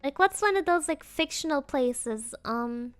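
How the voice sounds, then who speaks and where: Woman, streamer, playful, giggly, slow-paced chat, dry close sound, faint music behind. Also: sits high, animated, no echo. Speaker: virtual streamer. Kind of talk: casual live-stream chat.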